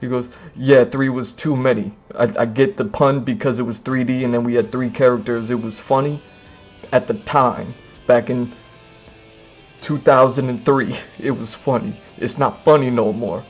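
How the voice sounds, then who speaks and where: A man's voice: medium pitch, steady tone, moderate pace, dull audio, soft background music. A male streamer telling a casual comedic story, acting out both sides of an imagined conversation.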